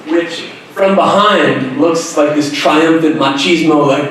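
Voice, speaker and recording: Young male author, earnest storyteller with wry humor, heard from a distance in a booming school auditorium. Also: measured pace, slight background noise. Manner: earnest, reflective, self-deprecating humor. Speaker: author giving a school talk. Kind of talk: personal storytelling speech. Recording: very echoey hall, voice from far off.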